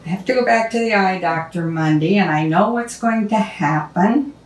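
A woman's voice: mid-range voice, normal speed. A woman hosting a home cooking show, chatting casually and rambling into stories as she cooks. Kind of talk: casual cooking demonstration with storytelling. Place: home kitchen. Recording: echoey kitchen, mic at a distance. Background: clatter of dishes and utensils.

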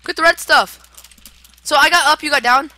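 A young woman hosting a casual game playthrough, excitable, swearing and yelling at the game. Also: sits high, normal speed. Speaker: gaming channel host. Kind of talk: casual let's-play chat.

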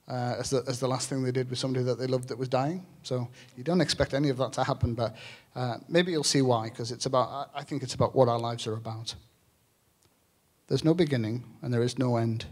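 A man from England's Lake District, an author speaking on stage at a live event, talking in an earnest, halting way with many fillers. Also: mid-range voice, darkish tone. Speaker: author and shepherd guest speaker. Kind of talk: public talk with reading and Q&A.

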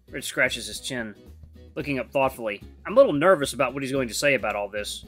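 A game streamer reading the narration of a visual novel aloud in a lowered, steady voice. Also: fast talker, faint music behind.

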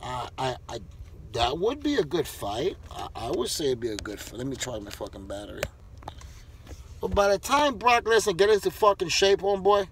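A man's voice: medium pitch, a bit bright, slight background noise. A man who wrestles, ranting to camera in a heated, profane, rambling way. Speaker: wrestler vlogger.

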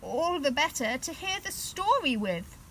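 Sly hungry wolf, growling and cunning, lively up-and-down voice, slow delivery, put on by a woman. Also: high voice, a little hiss or hum, voice pushed up, exaggerated voice, low-quality recording. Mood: falsely sweet. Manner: cunning, growling when threatening.

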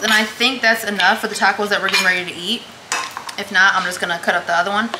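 A woman's voice: mid-range voice, background noise. Young woman vlogger, chatty and casual, roomy kitchen with clinking dishes. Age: young adult. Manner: chatty, talks to herself and viewers. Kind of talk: casual vlog chatter while cooking. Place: home kitchen. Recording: echoey kitchen with clattering dishes. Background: cutlery and dish clatter.

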